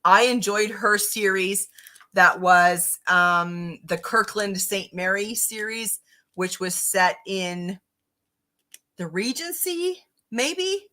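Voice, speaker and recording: A woman's voice: medium pitch, steady tone, takes it slowly, bright, forceful tone. A woman hosting a casual live-stream book chat, upbeat and chatty, reading out viewer comments. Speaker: book channel host.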